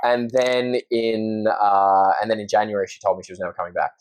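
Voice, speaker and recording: A man's voice: on the low side, level tone, a little fast. A young Australian man with an Australian accent, chatting earnestly and openly as a podcast guest. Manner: earnest, open, laughs easily. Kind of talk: casual chat.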